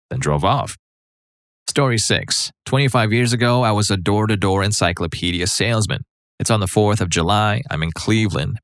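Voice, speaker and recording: A man's voice: lowish voice, fairly bright tone, no echo. A man narrating online stories in a conversational, wry storytelling manner.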